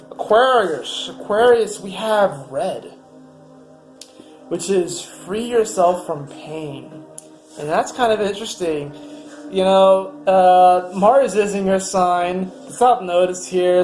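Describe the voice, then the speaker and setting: High-voiced chatty man reading horoscopes. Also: a little mellow, roomy sound. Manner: rambling, chatty, upbeat with fillers. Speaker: astrology reader. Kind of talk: casual weekly horoscope reading.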